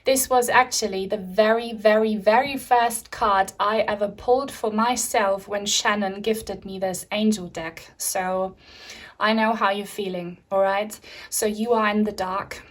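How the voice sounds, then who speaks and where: A young woman speaks to her viewers during a spiritual tarot reading, unhurried and calm. Her voice is soft and soothing, and she keeps reassuring them gently. She sounds a little out of breath. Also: medium pitch. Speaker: tarot reader.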